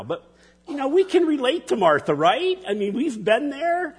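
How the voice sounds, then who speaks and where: A man preaching a sermon as pastor, halting and restarting often, with folksy asides to the congregation. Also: high voice, very animated, slightly rough, big-room sound.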